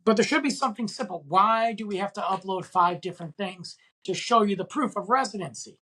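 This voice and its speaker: A man's voice: high-pitched, a little fast, sharp tone, breathy edge. A man hosting a podcast, ranting in an exasperated, casual way and firing off rhetorical questions. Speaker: podcast host.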